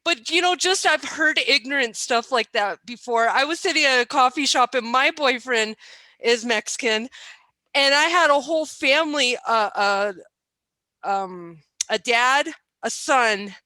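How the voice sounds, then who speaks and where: A woman's voice: high voice, measured pace, pushed and bright, no room sound. A woman talking chattily and with emphasis on a conference panel. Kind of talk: casual panel talk.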